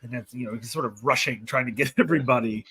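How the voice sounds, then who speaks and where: A man's voice: mid-range voice, quick pace, fairly bright tone, poor audio. A man narrating a tabletop role-playing game as game master, chatty with lots of fillers. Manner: chatty, frequent laughs and fillers.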